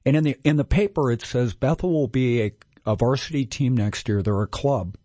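A man in his sixties from Minnesota, telling his recovery story in a candid, self-mocking, animated way. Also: mid-range voice, brisk, no echo. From Minnesota, USA. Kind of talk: casual storytelling.

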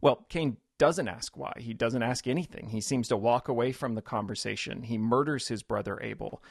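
A man's voice: mid-range voice, moderate pace, vocal fry, breathy edge, no room sound, studio quality. A man, a pastor and author, thoughtfully explaining scripture as a guest in a radio interview. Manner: reflective, explains scripture with quoted voices.

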